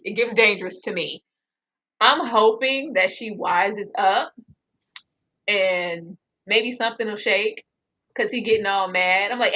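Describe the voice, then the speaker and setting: A woman co-hosting a reality show breakdown, ranting with animated disbelief in casual chat. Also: medium pitch, muffled recording. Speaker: co-host reviewing a reality show.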